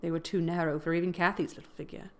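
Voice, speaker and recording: A woman reading a classic novel aloud in a measured narrating voice that grows louder at dramatic moments. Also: on the low side, steady tone. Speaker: reader.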